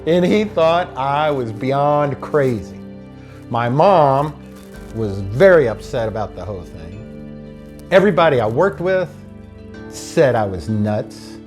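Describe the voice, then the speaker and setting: A man telling his own true story in an animated, frustrated way, acting out the people he dealt with. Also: mid-range voice, unhurried, soft background music. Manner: animated, frustrated retelling with quoted dialogue. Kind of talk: personal storytelling.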